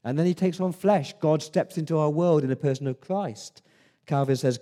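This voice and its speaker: A man's voice: medium pitch, warm tone. A man preaching a sermon as pastor, earnest and emphatic, often restarting his words.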